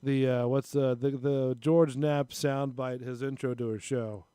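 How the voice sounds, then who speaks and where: A man's voice: mid-range voice, steady tone, measured pace, mellow, clean tone, no room sound. Rambling male stream host, dry sound. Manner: rambling, retells phone calls with voices. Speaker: show host. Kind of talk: casual live-stream chat.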